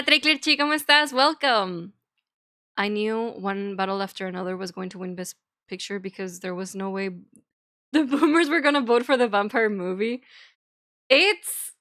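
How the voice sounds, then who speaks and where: Bright, giggly young woman streamer. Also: medium pitch. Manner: rambling, giggly, swears casually. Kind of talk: casual chat.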